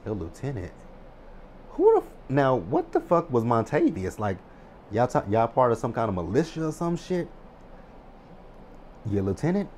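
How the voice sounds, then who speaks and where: A man in his thirties casually recapping a TV episode, animated and excitable, swearing freely. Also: medium pitch, moderate pace, long pauses, a little hiss or hum. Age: 30s. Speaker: TV recap vlogger.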